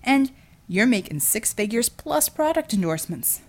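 A woman's voice: fairly high pitch, very animated, normal speed. A woman voicing a cocky, scheming male superhero who talks with brash, teasing salesman patter. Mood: smooth salesman.

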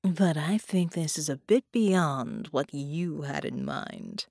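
Lady doing a low sultry whispery shapeshifter villainess, slow and creepy-sweet, dry close sound. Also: animated, vocal fry, a little mellow, no echo, full character voice. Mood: sultry menacing. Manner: slow, menacing tenderness. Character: sultry, possessive female shapeshifter captor. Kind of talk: audiobook character voice.

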